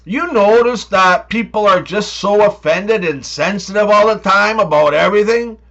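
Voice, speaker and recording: A man telling a run of scripted jokes, with deadpan setups and playful punchlines. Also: high voice, normal speed, lo-fi sound. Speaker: comedy joke teller. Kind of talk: scripted joke monologue.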